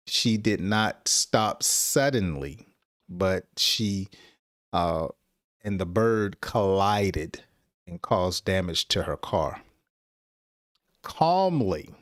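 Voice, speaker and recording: Slow, low-voiced man teaching English. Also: no echo, clean studio sound. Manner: slow, carefully spaced example sentences, chuckles at own examples. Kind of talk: podcast English lesson.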